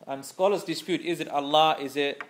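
A man's voice: on the high side, fairly even intonation, a little fast, slight background noise. A man teaching a scripture class, explaining patiently, repeating key phrases, and carefully pronouncing Arabic terms. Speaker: Islamic teacher.

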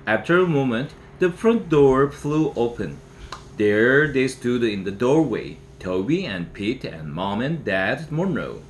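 A man, native Korean speaker and English teacher, reading a novel aloud in a steady storybook manner. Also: medium pitch, measured pace. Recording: roomy room echo, faint hiss.

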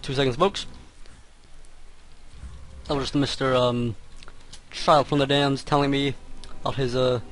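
A young let's play commentator with a medium-pitched, level-toned voice talks through his gameplay a little slowly, with long pauses. His commentary is loose and hesitant, packed with fillers and sudden exclamations.

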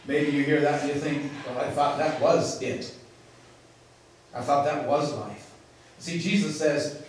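A man preaches with emphasis and dramatic pauses, his voice sitting a little high. He is picked up from a distance in a church, and the sound rings with heavy echo. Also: a little hiss or hum. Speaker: pastor. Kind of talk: sermon. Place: church sanctuary. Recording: echoey, from far off in a large room.

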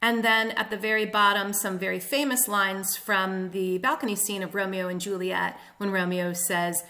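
A woman teaching literature in a clear, steady lesson, tapping out stresses with spoken beats. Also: medium pitch, moderate pace, hardly any pauses. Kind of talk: explanatory lesson.

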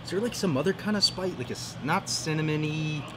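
A man's voice: fairly high pitch, a little fast, sharp tone, a little hiss or hum. A man co-hosting a cigar review, chatting in a playful, rambling way. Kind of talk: casual chat.

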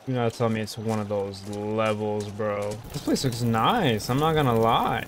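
A man's voice: lowish voice, unhurried, few pauses, a little hiss or hum. A young man commenting on a horror game for his viewers, jumpy and easily scared. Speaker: gaming video host. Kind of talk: let's play commentary. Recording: voice over loud game music.

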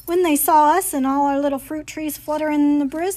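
High-voiced woman reading a storybook. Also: fairly quick. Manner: expressive, playful storytelling. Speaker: library storytime reader. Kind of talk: reading a picture book aloud.

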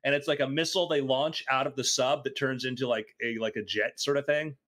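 A man's voice: medium pitch, fairly even intonation, brisk, fairly bright tone. A man co-hosting a podcast, telling a playful story in casual chat with many fillers. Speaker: podcast co-host.

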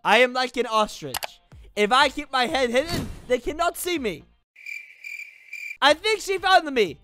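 A woman giving silly, animated gameplay commentary as a gaming YouTuber, full of exclamations. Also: high-pitched, unhurried, soft background music.

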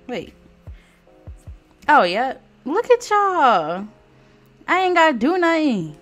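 A woman's voice: a little high, a bit bright. Sassy, swearing woman commentating a game. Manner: sassy, profane, chatty, talks to viewers. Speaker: gameplay commentator. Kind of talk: casual let's play commentary.

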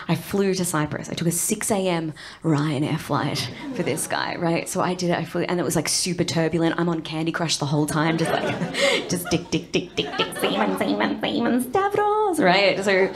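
A young Australian woman performing stand-up comedy, chatty and quick to act out lines, tagging jokes with "right?". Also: fairly low pitch. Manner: chatty, lots of "right?" tags, acts out lines.

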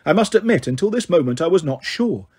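A man's voice: on the high side, very animated, fast talker, a little mellow, husky. A man voicing a haughty, commanding queen goddess who speaks with scorn. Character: haughty imperious queen goddess, female, ancient.

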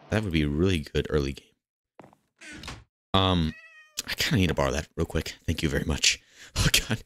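Deep-voiced man joking through gameplay. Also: moderate pace, a little hiss or hum. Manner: jokey and playful, chatting to game characters; excitable outbursts. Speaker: gaming channel host. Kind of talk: casual gameplay commentary.

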